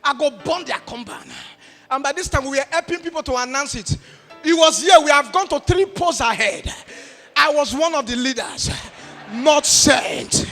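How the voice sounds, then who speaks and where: High-pitched Nigerian preacher telling a story. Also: male voice, normal speed. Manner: animated, shifting between shouts and murmurs. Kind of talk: sermon storytelling. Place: church hall. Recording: reverberant church hall with faint music.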